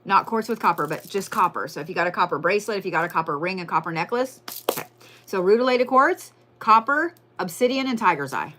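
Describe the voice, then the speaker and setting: Bright, chatty, swearing woman reader. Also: medium pitch, expressive, fast talker, a little hiss or hum. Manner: chatty, profane, playful, addresses viewers as y'all. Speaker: livestream tarot and crystal reader. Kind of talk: casual live reading to viewers.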